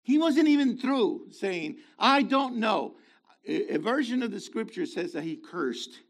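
A man delivers a sermon in a high, gravelly voice. His pitch swings widely as he jumps from loud, emphatic stretches to hushed asides. He slips in playful remarks along the way. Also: expressive, a little slow. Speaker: preacher.

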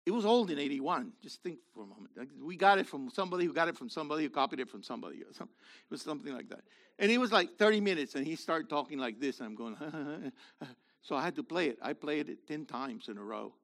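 An older man, a minister and teacher, giving a sermon-style teaching talk, swinging between loud, drawn-out emphasis and quiet, fast asides. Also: a little high, lively intonation, creaky.

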